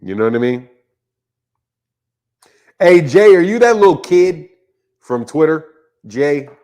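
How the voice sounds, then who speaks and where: A man's voice: a little high, sing-song, takes it slowly, darkish tone. A man hosting a live boxing stream, chatting casually, laughing often and greeting viewers by name. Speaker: boxing channel host.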